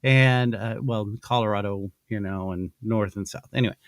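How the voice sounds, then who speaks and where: A man's voice: fairly low pitch, normal speed, no room sound. A male podcast host reading a sponsor spot in casual chat, rambling and playful with many restarts. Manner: rambling, self-interrupting, playful.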